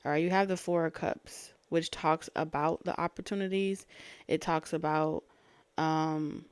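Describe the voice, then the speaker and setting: A woman's voice: sits low, fairly even intonation, measured pace, clean tone, dry recording. A woman, casually chatting to viewers during a live-stream tarot reading, her breathing audible near the mic. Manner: casual and chatty, talking to viewers between card pulls. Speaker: tarot reader.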